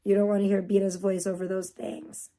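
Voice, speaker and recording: A woman's voice: medium pitch, little pitch movement, a little fast, dark tone. A woman streamer giving casual, profane, mocking commentary on clips during a livestream.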